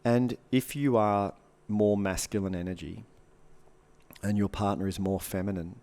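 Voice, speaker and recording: A man with a somewhat low voice talks as a podcast guest, sharing what he has learned as a coach. His delivery is loose and conversational. He swears freely and slips into lively acted reactions to make his points. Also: unhurried. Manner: animated, swears freely, acts out quoted reactions.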